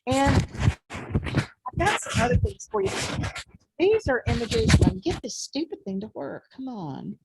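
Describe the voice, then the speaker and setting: A woman's voice: high-pitched, wildly swooping pitch, measured pace, gravelly, pauses often, very noisy. Chatty woman lecturing on history. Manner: conversational, thinks aloud with fillers. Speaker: history professor. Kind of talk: online lecture.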